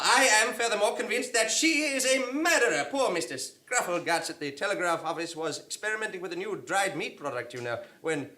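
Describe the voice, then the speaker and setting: A man's voice: sits high, pushed and bright, heavily acted. A man voicing a pompous, long-winded town bureaucrat who lectures with long words.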